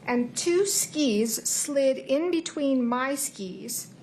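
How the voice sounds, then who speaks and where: A woman attorney in a courtroom, questioning a witness in a measured way and repeating the account back. Her voice sits somewhat high, with faint background noise. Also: lively intonation, darkish tone.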